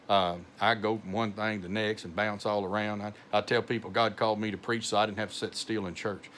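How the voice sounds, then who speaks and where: Slow-talking North Texas pastor. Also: male voice, fairly low pitch, a bit bright, slight background noise. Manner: slow, rambling, many fillers and restarts. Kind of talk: informal devotional talk.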